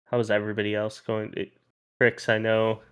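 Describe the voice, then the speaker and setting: A man's voice: fairly low pitch, monotone, a little fast, smooth. A man narrating a tabletop role-playing game as game master, in a casual, loose way that thinks aloud.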